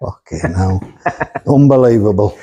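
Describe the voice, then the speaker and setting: A man's voice: lowish voice, animated, unhurried, warm tone, breathy edge. A man hosting a car workshop vlog, blunt and joking as he chats and walks around cars. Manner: blunt, joking, laughs often. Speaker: workshop owner and host. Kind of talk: casual banter and car walkaround.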